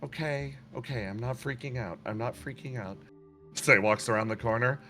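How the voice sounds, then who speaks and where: A man's voice: medium pitch, moderate pace, bright, forceful tone, faint music behind. A man running a tabletop game as game master, narrating with lots of laughter.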